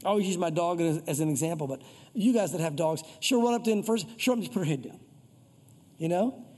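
A high-pitched, husky man preaches an informal sermon with a mellow tone. He slips into quoted voices for prayers and scripture. His voice rings out with the long reverb of a hall. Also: animated, brisk. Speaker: pastor. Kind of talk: conversational sermon.

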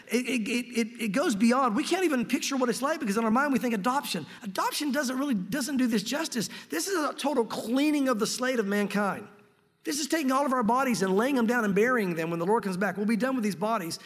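High-voiced earnest preacher man, long reverb. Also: lively intonation, fast talker. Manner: earnest, emphatic, enthusiastic with frequent restarts. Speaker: pastor. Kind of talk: bible teaching sermon.

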